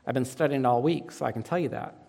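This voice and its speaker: A pastor preaching a sermon who asks the congregation fill-in questions and swings dramatically in pitch and loudness. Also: male voice, fast, vocal fry. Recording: long reverb of a church hall.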